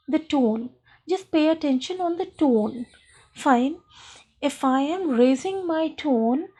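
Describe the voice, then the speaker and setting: A woman teacher gives a recorded school lesson. Her voice sits fairly high and she speaks slowly. She explains patiently and keeps checking in with "fine".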